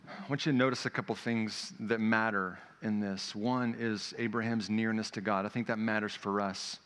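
A man preaching a sermon in a lively, conversational way, swinging between loud emphatic stretches and hushed quiet ones. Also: fairly low pitch, normal speed, clean tone, long reverb tail. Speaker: pastor.

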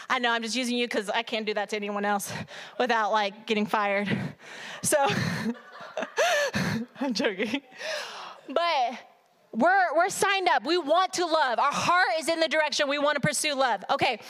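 High-voiced, animated woman preaching. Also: normal speed. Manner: animated, humorous, talks to the congregation directly. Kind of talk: sermon.

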